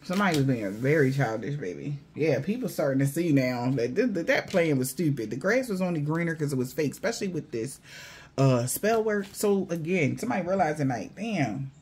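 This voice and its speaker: A man's voice: a little high, expressive, a little fast, darkish tone, slightly rough. Blunt, mocking man giving a reading. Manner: blunt, profane, mocking, slangy. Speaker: spiritual reader. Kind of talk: casual intuitive reading to viewers.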